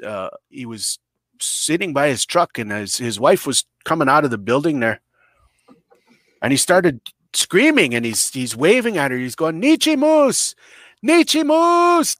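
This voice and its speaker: A man's voice: mid-range voice, dry recording, clean studio sound. Rambling, blunt man spinning a story. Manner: rambling, blunt, profane, jumps into shouted impressions. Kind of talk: improvised comedic storytelling.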